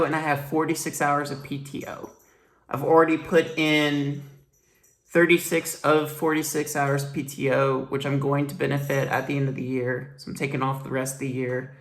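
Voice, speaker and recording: This is a vlogger's personal commentary monologue. The voice sits at a middling pitch. It rambles and sounds blunt and upset, with swearing now and then. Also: a bit bright.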